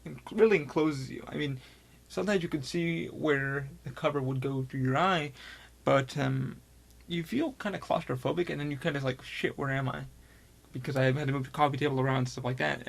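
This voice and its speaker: A man with a gravelly, fry-tinged voice, hosting his own show. He wanders from point to point in a loose, unscripted monologue and drops casual swear words along the way. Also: medium pitch. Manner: rambling, loose, swears freely. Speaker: podcast host.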